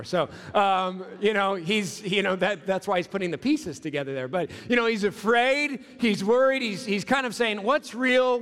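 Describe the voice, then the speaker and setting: Pastor in his 30s, high voice, chatty sermon delivery with long church reverb. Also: fairly bright tone. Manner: conversational, builds through repeated phrases. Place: church sanctuary.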